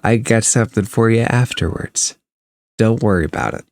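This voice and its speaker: A man's voice: lowish voice, normal speed, close to an everyday voice. A man voicing a hospitable female innkeeper in a tabletop game, motherly in manner. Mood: welcoming. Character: warm welcoming female innkeeper.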